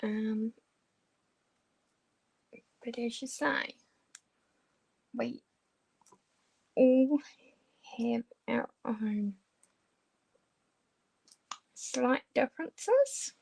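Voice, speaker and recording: A woman's voice: on the high side, very slow, vocal fry, long pauses, a little mellow, slight background noise. A woman chatting casually with viewers while crafting, hesitant and full of ums as she answers them. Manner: hesitant, many ums and restarts. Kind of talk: casual chat while diamond painting.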